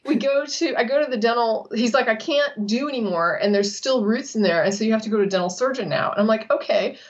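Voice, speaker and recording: A woman co-hosting a casual chat, telling stories animatedly, laughing often and acting out what others said. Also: a little high. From Texas. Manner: animated storyteller, laughs often, acts out quotes. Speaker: co-host. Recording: slightly dull lo-fi audio.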